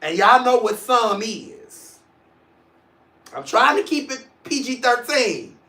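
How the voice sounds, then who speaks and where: A man's voice: very high voice, big pitch swings, slow, pushed and bright, roomy sound. A man in his forties hosting a casual video podcast, talking in a sassy, playful and outspoken way. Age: 40s. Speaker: podcast host.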